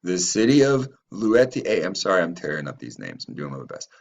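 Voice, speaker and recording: A man's voice: low voice, very animated, a little fast, gravelly, dull audio. A man hosting his own channel, reading passages aloud and commenting on them in a profane, rambling way, stumbling over names. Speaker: channel host.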